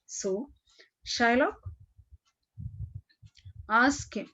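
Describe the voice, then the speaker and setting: A woman teacher explaining a play to her class, saying "okay" often and clearing her throat. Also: fairly high pitch, extremely slow, pauses often. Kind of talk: classroom literature lesson. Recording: dull lo-fi recording.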